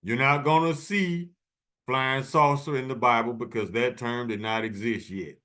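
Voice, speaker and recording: An emphatic male host talks over video clips in a loose, preachy style, leaning hard on certain words and repeating them. His pitch sits at an ordinary middle height for a man. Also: normal speed, pushed and bright. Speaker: channel host.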